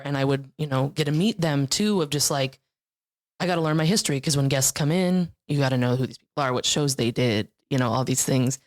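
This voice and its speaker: A young woman from Iowa, a guest on a podcast, telling improv stories in a bubbly, animated way and laughing often. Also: low voice, fairly quick. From Iowa, USA. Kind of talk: casual chat.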